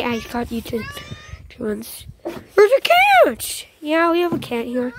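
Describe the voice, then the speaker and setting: A woman's voice: fairly high pitch, vocal fry. A girl narrating her toy play in a rambling, playful way. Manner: rambling, playful, voices toys. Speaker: video maker playing with toys. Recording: noisy home recording.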